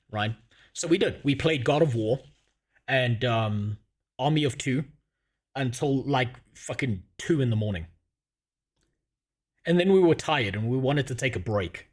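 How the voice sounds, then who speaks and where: A man's voice: medium pitch, unhurried, pauses often. A young man telling a crude comic story at home on a stream, swearing often and laughing as he goes. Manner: profane, laughing, animated.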